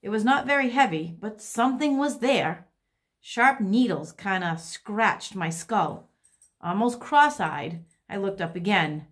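A woman's voice: mid-range voice, unhurried. Woman teacher reading a chapter book aloud. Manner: expressive storytelling. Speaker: second grade teacher.

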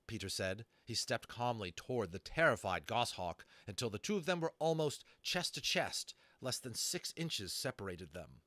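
A man narrating a fantasy novel aloud, expressive, adding brief asides to listeners. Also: medium pitch, normal speed, few pauses, dry recording. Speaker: audiobook narrator. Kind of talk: dramatic storybook reading.

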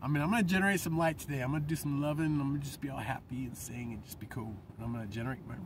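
A man delivering a profane, rambling vlog rant, swinging between loud outbursts and low mutters. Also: fairly even intonation, very fast, noisy background. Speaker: vlogger. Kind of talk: ranting monologue.

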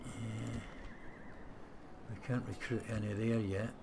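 In a low, flat voice and at a slow pace, a man hosts a relaxed let's-play, thinking aloud as he goes. He hesitates frequently and lets slip the odd blunt swear word, with background noise present.

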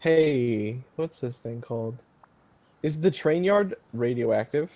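A man's voice: medium pitch, animated, slow, warm tone, slight background noise. A man chatting with friends while playing an online game, joking and swearing freely. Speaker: game player. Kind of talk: casual gaming chat.

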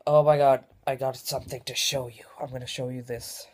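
A tired young adult rambling in a casual home vlog, jumping between loud outbursts and mumbled asides in a dim room, recorded on a camera mic. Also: medium pitch, level tone, fairly quick. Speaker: gaming vlogger.

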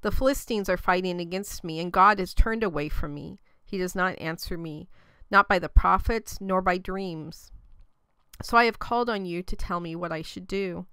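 A woman's voice: fairly low pitch, moderate pace, bright, forceful tone, smooth, dry recording. A woman voicing a troubled, desperate male king in a scripture reading, earnest and pleading.

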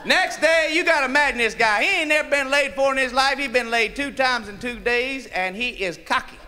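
A stand-up comedian telling a raunchy, profane joke and laughing along with it. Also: male voice, very high voice, a little fast, sharp tone, a little hiss or hum. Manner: raunchy, profane, laughing at his own jokes.

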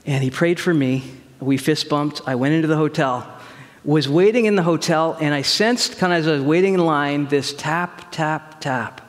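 A male pastor preaching in a church sanctuary, with a fairly high voice for a man. He talks conversationally and tells stories with lively quoted dialogue, and the sound carries a long hall reverb. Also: moderate pace. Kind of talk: sermon with personal story.

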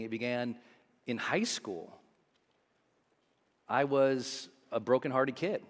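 A man's voice: medium pitch, a bit bright. Man, motivational speaker, earnest confessional storytelling, live audience, long hall reverb. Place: large seminar hall.

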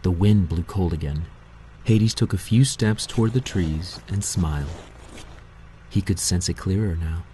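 A man narrating a novel in a measured, steady audiobook reading. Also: deep voice, a little hiss or hum, rough recording.

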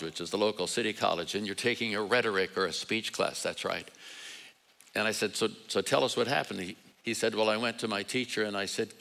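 An older man preaching a sermon in a low, bright, forceful voice. He tells stories conversationally, lifts into quoted dialogue with a bit of acting, and mixes in humor at his own expense. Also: gravelly, rough recording. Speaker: guest preacher. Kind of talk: sermon with storytelling.

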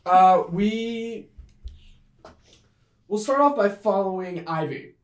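A woman narrating a tabletop role-playing game as game master, in a relaxed way with lots of fillers. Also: medium pitch, slow. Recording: echoey room.

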